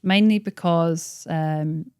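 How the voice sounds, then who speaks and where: A woman's voice: on the low side, slow pace, darkish tone, clean tone, no room sound, clean studio sound. A woman in her forties who owns a tailoring business, talking casually and laughing often, acting out voices in her stories. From England. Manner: chatty, laughs often, acts out quoted voices. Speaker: podcast host and tailoring business owner. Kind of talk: casual interview chat. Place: office.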